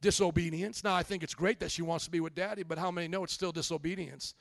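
A male pastor preaching a sermon, firing rhetorical questions at the congregation and building to shouts. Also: fairly high pitch, steady tone, fast, gravelly, no echo.

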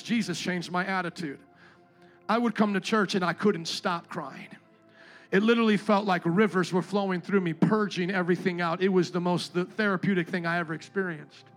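A man in his thirties preaching a sermon as pastor, moving from quiet storytelling to loud exhortation. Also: high-pitched.

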